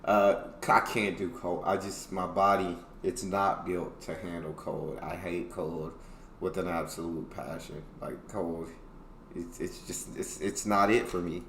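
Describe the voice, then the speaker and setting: A man's voice: low voice, steady tone, a little slow, fairly bright tone. Laughing American man in an echoey room. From United States. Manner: laughs often, thinks aloud with fillers. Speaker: reaction video host. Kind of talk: casual chat. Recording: echoey room with faint noise.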